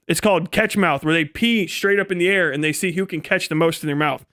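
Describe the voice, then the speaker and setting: A man's voice: sits high, brisk, sharp tone, dry recording, studio quality. A man hosting a live stream, delivering a rambling, profane, mocking comedic rant. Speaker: livestream host.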